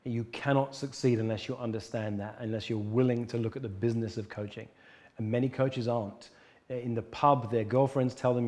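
A man talks as a coach in an interview, earnest and emphatic, driving his points home. His voice is mellow and warm. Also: mid-range voice, fairly even intonation, fairly quick. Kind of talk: conversational interview.

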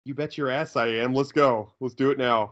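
A man's voice: medium pitch, steady tone, a little fast, dull audio. A man co-hosting a riffing movie commentary in a laid-back, wry way. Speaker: co-host.

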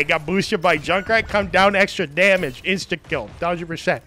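Male streamer, high-pitched, excitable running commentary while playing. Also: normal speed, few pauses, slight background noise. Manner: excitable, jokey, repeats phrases. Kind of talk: live gameplay commentary.

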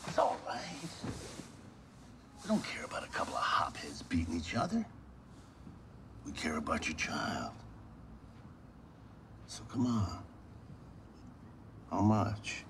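A man's voice: low voice, wildly swooping pitch, a bit bright, a little hiss or hum, full character voice. An actor playing a male police detective pressing a suspect for a confession in a film clip. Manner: slow, pressing interrogation. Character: male police detective, coaxing then demanding.

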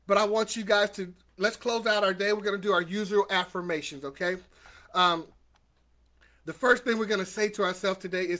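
High, bright-voiced energetic motivational man. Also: fairly quick. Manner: energetic, repeats lines for viewers to echo; greets viewers by name. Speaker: host of a weekly motivational livestream. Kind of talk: upbeat motivational live talk.

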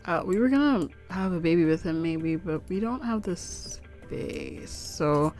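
A woman's voice: lowish voice, animated, unhurried, a little mellow. A young woman giving casual, rambling commentary on a life-simulation game, giggling and cooing at the pets. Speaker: gaming YouTuber. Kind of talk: casual let's-play commentary. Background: faint background music.

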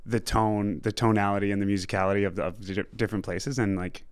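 A man in his thirties talks as a guest on a casual podcast. He rambles easily, filling gaps with little fillers. His voice sits low. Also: little pitch movement, fast. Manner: chatty, many filler words. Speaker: guest actor. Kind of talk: casual interview chat.

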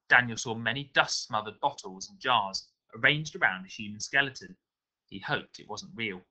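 A male teacher reading a novel aloud to his class with expressive storytelling. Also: mid-range voice, poor audio.

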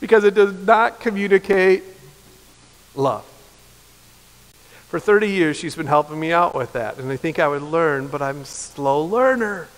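A man, preaching a sermon as pastor, earnest and building to impassioned emphasis before dropping soft. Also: fairly high pitch, expressive, a little slow, pauses often. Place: church sanctuary. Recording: long reverb of a church hall.

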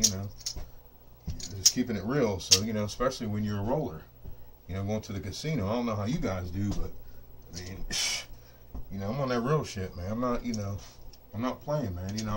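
Here the same kind of middle-aged craps video host, focused on dice control, delivers a loose, foul-mouthed, unscripted rant to the camera from his dice-rolling home studio. His voice is lowish, with slight background noise. He's bragging and charged up, repeatedly tossing in "you know what I mean."

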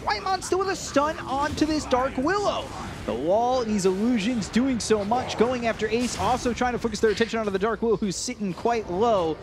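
A man doing play-by-play commentary for an esports match, rattling off action quickly and getting excited during fights. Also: very high-pitched.

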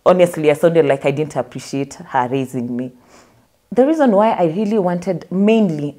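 A woman's voice: on the low side, dark tone. A young Kenyan woman telling her life story as a guest in an interview, acting out the voices of the people she quotes.

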